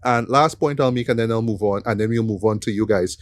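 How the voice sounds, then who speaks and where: A man's voice: on the low side, brisk. A man hosting a casual film review podcast, rambling with many fillers and "right?" tag questions. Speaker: podcast host.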